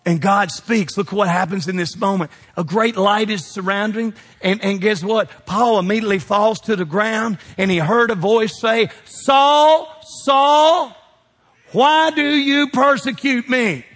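A husky, high-pitched man preaching to his congregation, emphatic and full of call-outs. His voice rings with the long reverb of a big church sanctuary. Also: moderate pace, few pauses, fairly bright tone. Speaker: pastor. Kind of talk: sermon. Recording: long reverb of a large hall.

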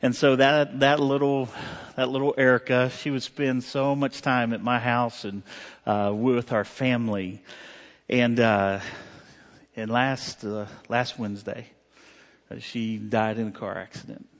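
Heartfelt pastor in reverberant hall. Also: male voice, medium pitch, flat delivery, unhurried. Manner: conversational, heartfelt, many fillers and restarts. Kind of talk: sermon storytelling.

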